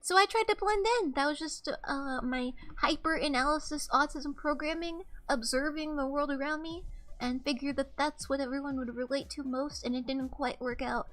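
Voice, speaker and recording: A woman's voice: high-pitched, moderate pace, fairly bright tone. A young woman streamer chatting casually, telling rambling, candid stories with plenty of swearing. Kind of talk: casual livestream chat. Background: faint background music.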